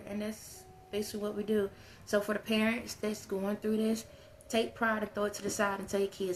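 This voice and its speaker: A woman's voice: medium pitch, monotone, a little fast, a little hiss or hum. A middle-aged woman and parent, speaking in a candid, earnest, down-to-earth way as she gives casual advice straight to her viewers. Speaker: parent vlogger. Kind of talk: casual advice talk to camera.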